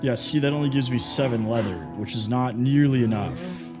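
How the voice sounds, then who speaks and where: A man's voice: medium pitch, normal speed, over music. A man live-streaming a building game, chatting casually and teasing his viewers as he reads their messages. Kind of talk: casual gameplay live stream, reading chat.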